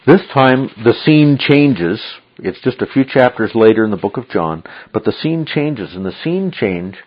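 A man's voice: medium pitch, animated, measured pace. A man teaching a Bible study, emphatic and checking in with frequent "okay?"s. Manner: emphatic, repeats "okay?" often. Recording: dull lo-fi recording.

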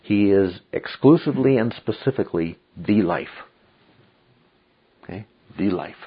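A man's voice: fairly low pitch, animated, a little slow, breathy edge. A man teaching a Bible study, emphatic and checking in with frequent "okay?"s. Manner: emphatic, repeats "okay?" often. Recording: dull lo-fi recording.

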